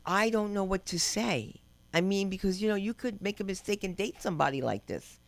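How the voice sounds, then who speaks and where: A woman's voice: mid-range voice, animated, a little fast, no echo. An older woman doing open-mic stand-up, telling brash, rambling stories and acting out quotes. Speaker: stand-up comedian. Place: comedy club stage.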